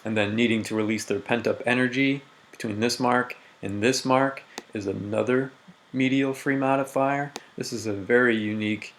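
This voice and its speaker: A man teaching a recorded grammar lesson, walking methodically through diagrams and reading example sentences slowly with emphasis. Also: lowish voice, vocal fry.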